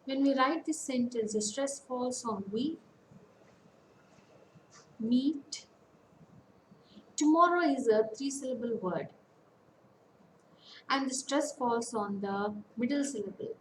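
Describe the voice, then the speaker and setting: Slow, deliberate woman lecturing. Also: sits high, roomy sound, slight background noise, rough recording. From India. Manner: slow, deliberate, lists words one by one with pauses. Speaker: academic counsellor. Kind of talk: online lecture on English phonetics.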